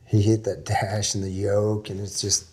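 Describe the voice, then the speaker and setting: A man's voice: fairly low pitch, monotone, normal speed, a little mellow. A man from Texas, a guest in an interview, telling a long story in a folksy, rambling way with small laughs.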